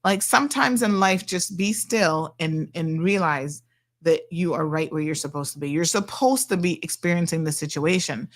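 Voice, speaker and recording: A middle-aged woman, hosting a talk show and telling a story in a chatty, animated way. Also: lowish voice, moderate pace. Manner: chatty and animated, acting out quoted people. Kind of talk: casual storytelling monologue.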